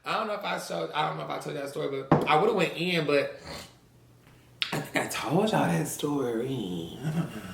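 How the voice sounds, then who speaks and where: A man's voice: fairly high pitch, animated, normal speed, creaky, echoey room, noisy background. A man vlogging at home, telling crude stories in a sassy, casual way and calling the audience "girl". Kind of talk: casual storytelling mukbang chat.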